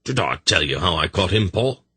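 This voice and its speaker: A man's voice: low voice, sing-song, normal speed, bright, forceful tone, breathy edge, dry recording, heavily acted. A man voicing a proud, eager male craftsman in an audiobook. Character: proud simple male smith.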